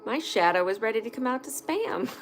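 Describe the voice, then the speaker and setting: Speaking briskly in a slightly high, expressive voice, a woman chats on a casual live stream from her home, seated indoors near a fireplace. She's candid and talkative, cursing freely when annoyed, with faint music behind her.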